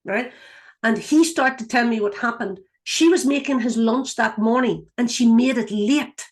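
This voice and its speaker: Her voice is on the high side and moves at a moderate pace. An intuitive guide and clairvoyant, she rambles earnestly through casual teaching and storytelling, restarting often and leaning on fillers.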